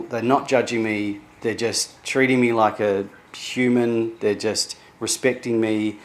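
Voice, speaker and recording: A middle-aged man from New Zealand talking candidly in a personal vlog, halting and emotional, with many restarts. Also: medium pitch. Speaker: vlogger sharing therapy progress.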